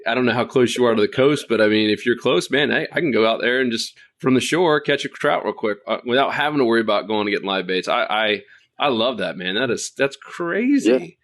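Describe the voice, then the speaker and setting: A man's voice: medium pitch, fast, a bit bright. A man hosting a casual podcast chat, enthusiastic and friendly, calling his guest "dude" and "brother". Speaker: podcast host.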